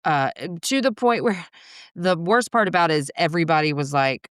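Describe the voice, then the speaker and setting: A middle-aged woman talks candidly as a guest, her voice smooth and clear in tone. She is blunt and swears freely, with laughs breaking through even the hardest parts. The sound is close and dry, with no room echo. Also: fairly low pitch, normal speed. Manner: frank, swears often, laughs through hard moments. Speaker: podcast guest. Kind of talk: candid conversational storytelling.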